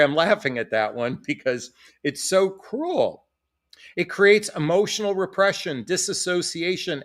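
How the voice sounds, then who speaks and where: A man's voice: on the high side, fairly bright tone. A middle-aged man, a dating coach, talking earnestly and reflectively to his viewers from a room at home. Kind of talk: direct-to-camera advice talk. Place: home room with family photos behind.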